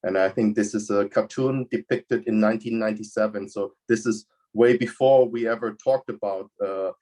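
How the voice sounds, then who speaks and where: Man, low voice, video call presentation, halting, many fillers, computer mic. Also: fairly even intonation, mellow. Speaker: invited expert speaker. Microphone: computer microphone on a video call.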